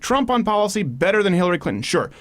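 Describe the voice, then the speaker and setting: A man hosting a political talk show, animated and joking as he moderates a debate on a studio mic. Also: high-pitched, fast talker, no echo. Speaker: podcast host.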